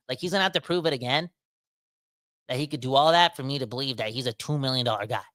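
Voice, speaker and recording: A man hosting a casual sports podcast, talking in a rambling, animated way that keeps interrupting itself. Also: mid-range voice, no room sound. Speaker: podcast host.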